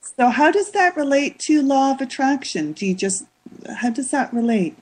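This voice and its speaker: A woman's voice: high-pitched, very animated, normal speed. A woman hosting a casual podcast interview, asking curious questions and summing up her guest's points. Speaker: podcast host.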